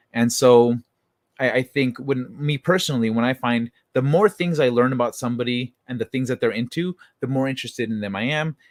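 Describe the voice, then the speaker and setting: A man hosts a relaxed late-night livestream, talking loosely with his chat. He rambles, swears freely and restarts his sentences often. His voice sits mid-range and sounds dry and close to the mic. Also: mid-range voice, no echo. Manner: rambling and profane, with many restarts. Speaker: livestream host reading chat.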